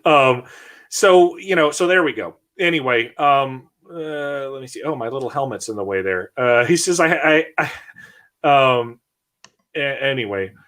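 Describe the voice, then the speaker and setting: A man talks in a loose, rambling way, stopping and restarting his sentences often. His voice sits at an ordinary middle pitch, and he speaks bluntly in casual political chat. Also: animated, measured pace, a bit bright. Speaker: podcast host.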